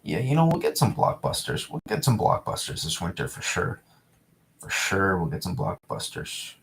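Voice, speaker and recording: A young man from New England rambles through a casual live stream, talking straight to his chat and often repeating himself. His voice sits very low with a gravelly, fried edge. It has a loose, offhand flow. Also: big pitch swings, normal speed, slight background noise. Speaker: weather streamer.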